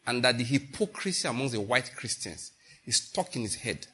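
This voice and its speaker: Husky and mid-range, a man's voice moves at a moderate pace as he preaches a sermon. He tells stories in a lively way, laughing and performing the quotes.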